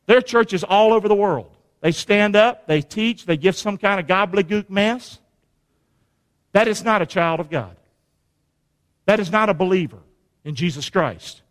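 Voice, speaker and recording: A male pastor delivers an emphatic sermon, pausing to have the congregation repeat lines back to him. His voice sits high for a man. It rings out with the long reverb of a church sanctuary.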